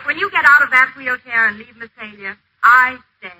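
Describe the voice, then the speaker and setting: An actress playing a firm, no-nonsense young secretary in love, in 1940s radio acting. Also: female voice, high voice, moderate pace, sharp tone, breathy edge, heavily acted, low-quality recording. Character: brisk, level-headed young secretary in love.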